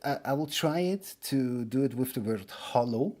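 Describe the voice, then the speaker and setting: A man with a Swiss German accent teaches pronunciation in a loose, unscripted way. His voice is husky and sits in a middle range. He stops often with fillers and restarts his sentences. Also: medium pitch, expressive, normal speed, dark tone. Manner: hesitant, many fillers and restarts. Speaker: language teacher. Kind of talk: casual online lesson.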